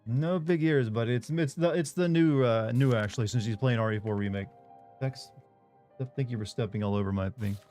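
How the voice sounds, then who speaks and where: A man hosting a game stream, chatting in a relaxed way and thinking aloud as he plays. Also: mid-range voice, normal speed, faint music behind. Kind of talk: casual gameplay commentary.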